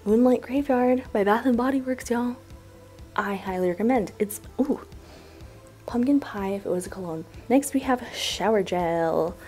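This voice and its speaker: Gushing young woman vlogger, excitable. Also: fairly high pitch, moderate pace, soft background music. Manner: excitable, gushing, says "like" often. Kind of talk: casual unboxing chat.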